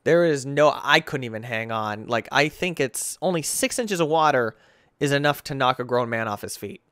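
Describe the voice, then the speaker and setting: A young man rambling through casual gameplay commentary as a gaming video host, excitable and full of filler words. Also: mid-range voice, normal speed, dry recording, clean studio sound. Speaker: gaming YouTuber.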